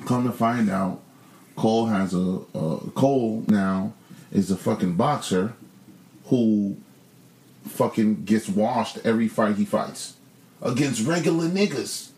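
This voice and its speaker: A man's voice: fairly low pitch, a little slow, darkish tone, roomy sound, poor audio. A man co-hosting a casual chat, ranting bluntly and profanely with a joking edge. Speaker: podcast co-host.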